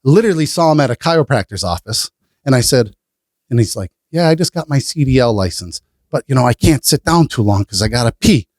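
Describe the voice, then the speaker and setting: A man talking as a podcast guest, blunt and animated, swearing freely as he tells stories about his business. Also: medium pitch, brisk, dry recording, studio quality. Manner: blunt, profane, animated storytelling. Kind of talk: casual interview chat.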